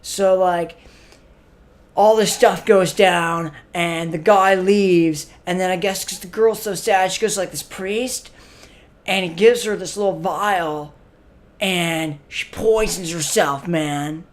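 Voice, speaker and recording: A man doing a mellow, spaced-out young stoner in a comedy sketch, drawling slowly through every thought. He rambles with plenty of "like" and ends his phrases with "man," as though he is half there. His easygoing pace never picks up. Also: high voice, fairly even intonation. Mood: laid-back. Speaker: comic web show host character.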